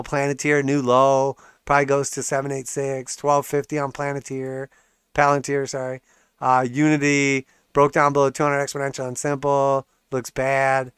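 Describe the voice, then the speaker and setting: A man's voice: medium pitch, fairly bright tone, clean tone, dry recording, studio quality. A man hosting a livestream about markets, ranting sarcastically and swearing, often laughing. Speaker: livestream host and market analyst.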